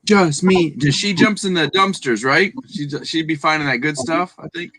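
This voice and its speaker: A man co-hosting a casual livestream chat, who talks excitedly and hypes up the viewers in the chat. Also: on the high side, moderate pace, no echo. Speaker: podcast co-host.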